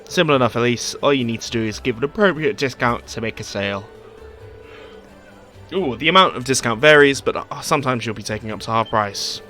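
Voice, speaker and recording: Brief: man doing a chatty merchant dad with a folksy Scottish-style lilt, bright tone, faint music behind. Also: mid-range voice, lively intonation, a little fast. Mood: friendly. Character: chatty middle-aged male market merchant, a father.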